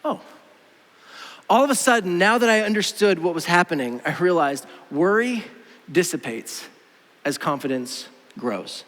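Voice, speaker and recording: Man, pastor, high voice, bright tone, lively casual sermon, long church reverb. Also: moderate pace. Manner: casual, animated, acts out quoted voices. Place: church auditorium.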